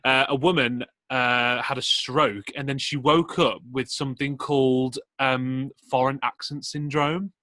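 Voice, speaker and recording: Bright-voiced guy co-hosting, giggly, dead dry sound. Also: medium pitch, steady tone, unhurried, hardly any pauses, dry recording. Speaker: podcast co-host. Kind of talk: casual chat.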